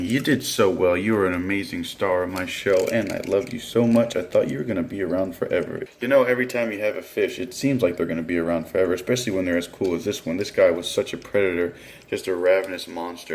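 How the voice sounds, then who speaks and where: Low, gravelly-voiced casual fish vlogger man. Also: slight background noise. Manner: chatty, jokey, addresses viewers as guys. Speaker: fishing and aquarium vlogger. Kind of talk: casual chat to camera. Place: home room with aquarium tanks.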